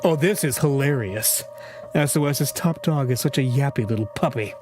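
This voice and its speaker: A man's voice: mid-range voice, moderate pace, music in the background, natural voice. A man voicing a cocky, taunting adult male journalist in a game read-through. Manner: taunting, wisecracking.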